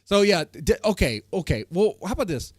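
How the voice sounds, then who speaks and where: A man's voice: high voice, sing-song, fairly quick, darkish tone, slightly rough, no room sound. Male host, crude jokes, rambling, dry close sound. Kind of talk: casual chat.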